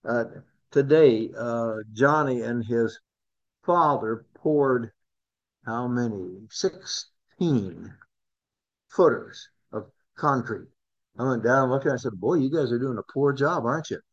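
A man's voice: mid-range voice, a little slow. A man teaching a Bible study class in a conversational way, often repeating words and asking the group questions. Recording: dull lo-fi recording.

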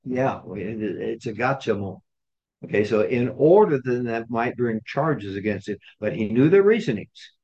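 On a dull lo-fi recording, a male Bible study leader with an expressive, slightly mellow medium-pitched voice talks at a normal speed. He takes a small group through scripture conversationally, asking questions and acting out quoted passages.

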